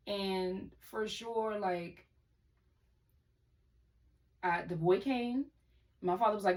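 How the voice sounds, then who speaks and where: A woman co-hosting a casual talk show, telling a story in a lively way and talking straight to the listeners. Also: medium pitch, slow pace, pauses often. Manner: lively, addresses listeners directly. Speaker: podcast co-host. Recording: voice a bit far from the mic.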